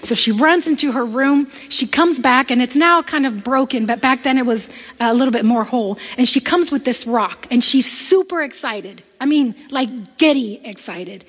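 A woman's voice: high voice, normal speed, husky, in a large hall. A woman preaching a sermon, telling a personal story and acting out the voices of the people in it. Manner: animated, acts out quoted voices.

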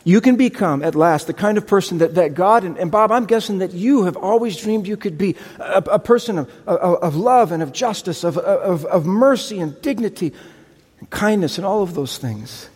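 Man doing a pushy stammering male neighbor, high voice, echoing church hall. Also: expressive, moderate pace, a little mellow, husky. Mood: pleading. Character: overeager male neighbor pleading at the door. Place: church sanctuary. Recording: reverberant hall.

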